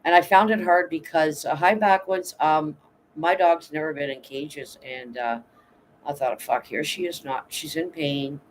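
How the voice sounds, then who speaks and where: A woman's voice: low voice, a little slow, slight background noise, rough recording. Blunt, swearing woman livestreaming from home. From Canada. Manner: blunt, profane, emotional, greets viewers. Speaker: livestream host. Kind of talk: casual livestream chat.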